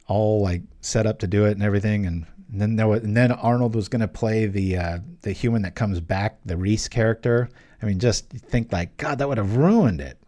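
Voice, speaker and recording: A man's voice: fairly low pitch, dark tone. A man giving casual, rambling commentary over a card game he is playing, joking and chatting between plays. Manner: rambling, jokey, chatty asides. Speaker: gameplay commentator.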